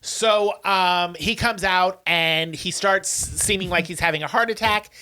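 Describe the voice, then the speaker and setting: Bright-voiced man recapping a movie. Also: sits high, measured pace. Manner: animated storyteller, acts out lines, many "um"s. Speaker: podcast co-host. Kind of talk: casual chat, recapping a movie plot.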